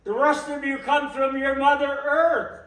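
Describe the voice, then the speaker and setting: A man giving an impassioned public talk, slow and emphatic, repeating phrases for weight. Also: very high-pitched, a bit bright. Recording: echoey room, voice from a distance.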